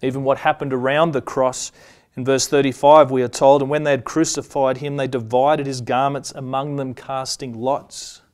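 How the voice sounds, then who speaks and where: With a darkish, medium-pitched voice that barely moves in pitch, a man preaches, reading scripture in a measured manner and slowing down where the lines turn solemn.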